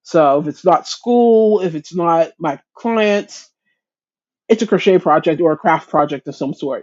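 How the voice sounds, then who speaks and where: A woman's voice: fairly low pitch, animated, a little slow, darkish tone, highs cut off. A woman hosting a casual crochet chat livestream, greeting viewers by name, chatty and self-deprecating, often restarting her sentences. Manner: frequent restarts and stumbles.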